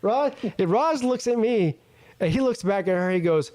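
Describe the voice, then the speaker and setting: A man with a high voice tells a rowdy story on his call-in show. His pitch swings widely as he laughs his way through it, and he talks crude and casual. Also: animated, normal speed, a little mellow. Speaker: show host.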